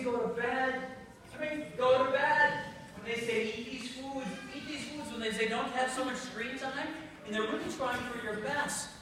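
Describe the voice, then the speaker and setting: A man's voice: sits high, fairly bright tone, slight background noise. A man giving a homily to children in church, chatty and coaxing as he asks them questions. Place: large church. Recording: echoey church from far off.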